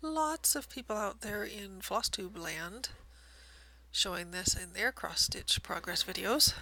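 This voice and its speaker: A woman chatting casually as she shows her cross stitch progress. She is self-deprecating and often drops into soft near-whispers. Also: medium pitch, vocal fry, poor audio. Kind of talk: casual show-and-tell narration.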